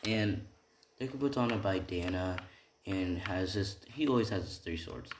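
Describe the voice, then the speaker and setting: A man rambles through a made-up story in a casual way while he plays a video game. His voice sits very low. The room gives it a roomy echo, with faint noise underneath. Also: moderate pace. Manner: rambling, keeps asking "right?".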